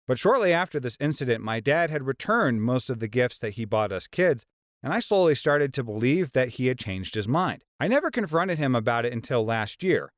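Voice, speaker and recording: A man's voice: medium pitch, no echo, studio quality. A man reading out and commenting on reader-submitted stories in a scripted narration style. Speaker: story narrator.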